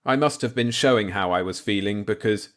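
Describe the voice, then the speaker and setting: A man reading a dark science-fiction novel aloud in the first person, measured and low-key. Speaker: audiobook narrator.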